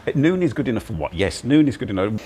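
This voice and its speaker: An older man livestreams from a cozy indoor cafe, rambling casually while he eats. His mid-range voice is very animated, fast, and warm. He's recorded on a phone mounted on a handheld gimbal.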